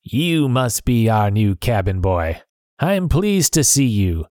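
A man voicing a cheery, booming one-legged tavern keeper in a storybook reading. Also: big pitch swings, slow, a little mellow, no echo, clean studio sound.

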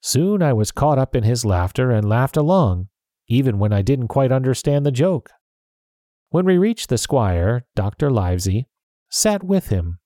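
A man's voice: medium pitch, sing-song, a little slow, mellow, no room sound, clean studio sound. Man reading a storybook aloud. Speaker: narrator.

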